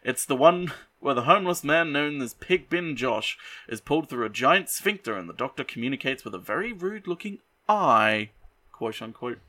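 A man with a crisp, bright tone and an even pitch chats casually as a podcast co-host. He offers dry, joking asides. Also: normal speed. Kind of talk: casual chat.

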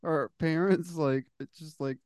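A woman's voice: sits low, steady tone, unhurried, a crowd in the background. A woman co-hosting a comedy podcast in casual chat, laughing often between attempts at silly impressions.

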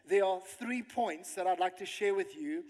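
A man's voice: high-pitched, normal speed, darkish tone. A man, a pastor preaching a sermon and reading scripture with emphasis. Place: church hall. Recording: long hall reverb.

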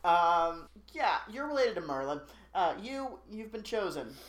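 In a casual chat, a podcast co-host recaps a movie plot, rambling and joking with lots of fillers and quick asides. The voice is medium-pitched, very animated, and fairly bright, with a roomy echo in the recording.

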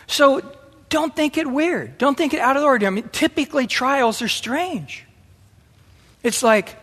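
A middle-aged man preaching a sermon in an animated way, acting out the voices he quotes. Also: extremely high pitch, moderate pace, slightly rough. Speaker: pastor. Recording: long hall reverb.

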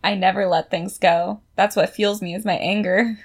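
A young adult woman co-hosting a podcast in casual chat, animated and swearing freely. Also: normal speed, breathy edge. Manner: animated, swears, high shrieky rants when venting. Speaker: podcast co-host.

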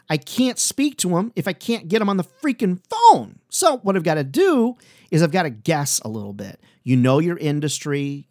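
A man hosting a sales training podcast, talking in an energetic, upbeat and conversational way. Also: fairly high pitch, dry recording, clean studio sound. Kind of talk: solo podcast talk.

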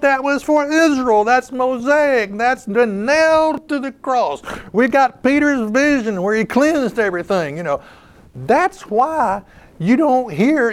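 Male preacher, high voice, lively and swooping, heavy on rhetorical questions. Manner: animated, rhetorical questions, repeats words. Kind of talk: sermon.

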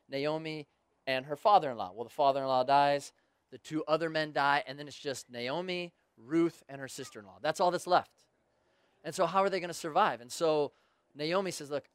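A man's voice: a little high, clean tone, no echo. Casual storytelling preacher, man, dry sound. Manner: casual storytelling with joking asides. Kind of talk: sermon.

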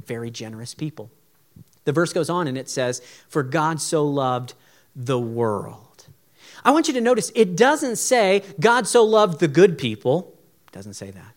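A young man preaching a sermon in an earnest, pleading, conversational way. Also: a little high. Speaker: pastor.

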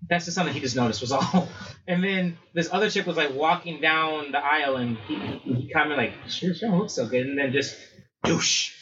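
Male podcast co-host, somewhat high bright voice, loose rambling storyteller. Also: fairly quick, slight background noise. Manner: rambling, many fillers. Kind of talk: casual chat. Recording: dull lo-fi recording.

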